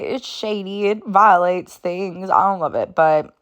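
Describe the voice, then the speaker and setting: A woman's voice: on the low side, takes it slowly, clear, resonant tone. A young woman casually recapping a TV season, chatty, with lots of "like" fillers and wry asides. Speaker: TV series reviewer.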